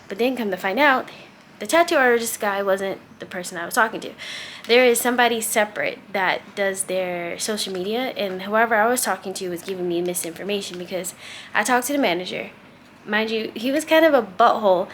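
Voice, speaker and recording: A woman's voice: on the high side, fairly quick, slight background noise. A young woman vlogger telling a casual, exasperated story, acting out quoted dialogue. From United States. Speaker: travel vlogger.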